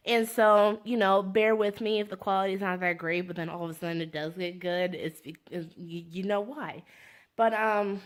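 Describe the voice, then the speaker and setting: A woman book vlogger chatting casually to her phone, gushing and rambling, swinging between giddy excitement and near tears. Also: mid-range voice, normal speed. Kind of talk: casual fan vlog chat.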